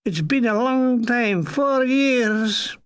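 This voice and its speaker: A man putting on an old Scottish chaplain's slow drawl. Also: extremely high pitch, animated, a bit bright, clear, resonant tone, no room sound, voice pushed up, full character voice. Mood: mild agreement.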